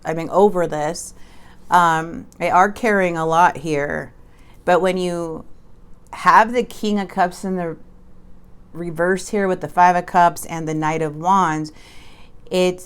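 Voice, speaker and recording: A woman with a somewhat low voice talks her viewers through a tarot spread in a loose, conversational way. She is emphatic when she warns them, and she often stumbles and restarts mid-sentence. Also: clear, resonant tone. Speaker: tarot reader. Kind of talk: casual tarot reading to camera.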